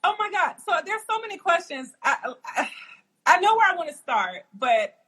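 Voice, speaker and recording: A woman with a high voice hosting a podcast interview in casual chat. She talks in an effusive, excited way, piling on praise for her guest. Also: moderate pace. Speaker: podcast host.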